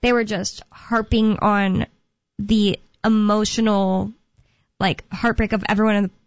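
A young woman in casual chat, rambling, losing her thread and filling pauses with um and uh. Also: mid-range voice, flat delivery, dry recording. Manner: rambling, loses her thread, many fillers. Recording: dull, lo-fi dry sound.

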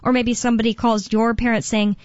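A fairly high-voiced woman hosts a talk radio show, rambling on with plenty of fillers and restarts. The sound is dry and dull, like lo-fi radio. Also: flat delivery, brisk, dry recording. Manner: chatty, rambling, many fillers. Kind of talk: casual talk radio chat.

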